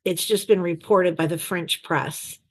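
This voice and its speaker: A woman's voice: lowish voice, unhurried. Woman telling stories in a video interview. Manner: animated anecdote-telling with quoted voices. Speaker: author and former chief of staff. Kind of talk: storytelling in an interview. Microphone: video call.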